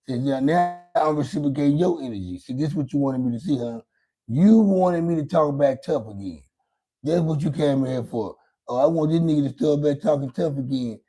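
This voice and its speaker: A man's voice: a little high, a little fast, warm tone, husky. A middle-aged man hosting his own podcast, rambling casually and profanely and taunting a viewer in the chat. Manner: rambling, profane, taunting and singsong toward a chatter. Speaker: podcast host. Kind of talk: casual livestream talk answering chat.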